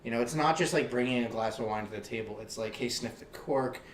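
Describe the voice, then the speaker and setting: A man hosting a casual interview show, telling a story in a profane, animated way. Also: mid-range voice, quick pace, reverberant, far from the mic, a little hiss or hum. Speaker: host.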